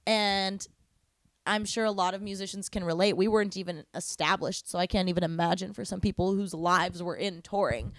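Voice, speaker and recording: Woman singer being interviewed, talks fast and laughs a lot, dry close mic. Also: lowish voice, no room sound. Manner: chatty, laughs often, lively storytelling. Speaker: band vocalist guest. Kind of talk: casual interview chat.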